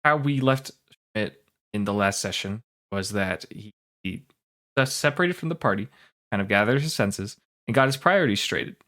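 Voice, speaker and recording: A man's voice: on the low side, animated, moderate pace, a bit bright. A man narrating as game master of a tabletop game, talking casually with plenty of fillers.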